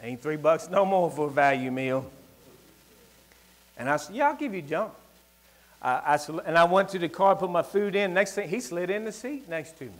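High-voiced Southern preacher, emphatic. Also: male voice, normal speed. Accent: rural Southern US. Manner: emphatic, swings from loud declarations to quiet asides, folksy. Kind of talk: sermon with personal storytelling. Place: church service.

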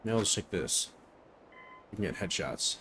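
A man's voice: lowish voice, animated, moderate pace, pushed and bright, a little hiss or hum. A man casually commenting while playing a video game, rambling, swearing and self-deprecating. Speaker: let's play host.

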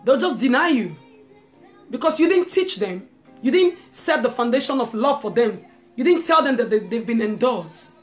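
A woman's voice: on the high side, animated, moderate pace, soft background music. A woman preaching a live-streamed sermon. She reads scripture aloud and talks straight to her listeners with friendly asides.

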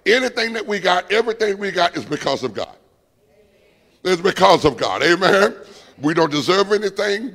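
A man's voice: sits high, creaky, fairly bright tone. A man preaching a Bible study sermon, calling on the room to answer and fill in words. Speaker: pastor. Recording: long church reverb.

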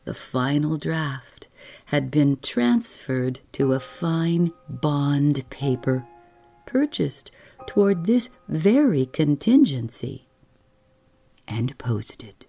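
A woman reading a relaxing bedtime story aloud in a soft, unhurried, soothing way. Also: low-pitched, sing-song, vocal fry, faint music behind.

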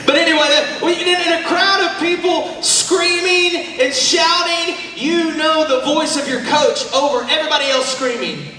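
High, bright preacher in an echoey hall. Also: male voice, a little slow, recorded from a distance, slight background noise. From Oklahoma, USA. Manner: energetic, shouting, calls for response from the crowd. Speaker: youth camp preacher. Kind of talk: sermon. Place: large church hall.

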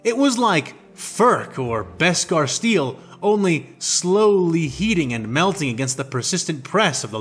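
A man narrating a fan fiction audiobook in a steady, descriptive storytelling manner. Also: on the high side.

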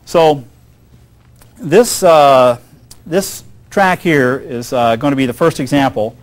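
A man's voice: mid-range voice, takes it slowly. A man giving a music lecture to an audience, rambling and often checking in with the listeners. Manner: rambling, keeps checking in with "okay?" and "you know".

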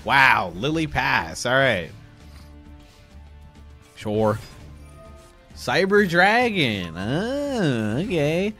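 Giggly, excitable man streamer. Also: medium pitch, extremely slow, long pauses, soft background music. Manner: giggly, excitable, calling out card plays. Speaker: card game streamer. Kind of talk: live gameplay commentary.

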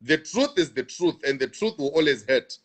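A man's voice: a little high, expressive, normal speed. Emphatic pastor repeating his points. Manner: emphatic, repeats lines, laughs between points. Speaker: pastor live-streaming to viewers. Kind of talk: live-stream talk answering viewer comments.

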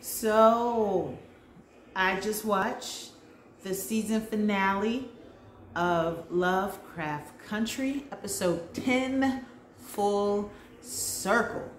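A woman vlogger recapping a TV episode in a chatty, enthusiastic way with lively slang. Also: medium pitch, very slow. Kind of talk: casual chat. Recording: roomy echo.

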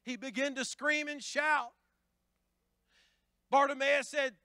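A man pastor preaching a Pentecostal sermon, building from plain talk into shouting. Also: very high voice, steady tone, takes it slowly, pauses often, dry recording. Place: church sanctuary.

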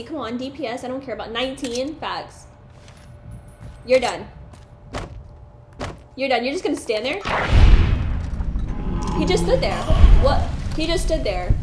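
An excitable woman narrates her gameplay and talks back at the enemies on screen. Her voice sits high, and the room around her is echoey, with a faint hiss underneath. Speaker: gaming streamer. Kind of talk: gameplay commentary.

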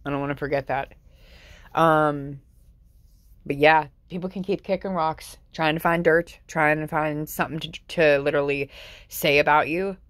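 A woman with a low-pitched voice gives a casual tarot reading. She talks bluntly and swears freely. She drives her points home by repeating phrases. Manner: emphatic, repeats phrases for stress. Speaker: tarot reader.

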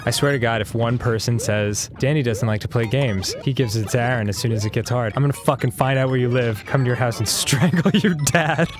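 A man's voice: medium pitch, fairly quick, few pauses. Cursing man raging at a game. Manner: raging, cursing, laughing in frustration. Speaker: let's play co-host. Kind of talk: gaming commentary. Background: music.

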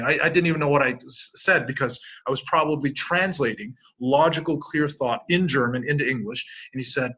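A middle-aged man from Canada talks through his stories in a casual interview, acting out both sides of each conversation. His voice is bright with a slightly husky edge. The recording sounds dull and lo-fi. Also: on the high side, brisk, few pauses. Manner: animated storyteller, acts out both sides of conversations. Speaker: interview guest. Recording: dull lo-fi audio.

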